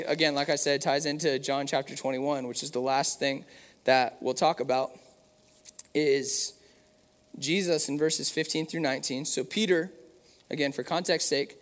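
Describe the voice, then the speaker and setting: A man preaching a sermon in an earnest, conversational way, with fillers and restarts. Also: on the high side. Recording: long hall reverb.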